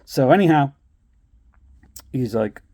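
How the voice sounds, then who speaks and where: A man tells his story to the camera in a loose, casual monologue, breaking into laughter often. His delivery is blunt and streetwise, with a lively voice that rises and falls a lot. The sound is dry and close. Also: mid-range voice, takes it slowly, no room sound. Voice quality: laughs often while talking. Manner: blunt, animated, streetwise advice. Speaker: vlogger.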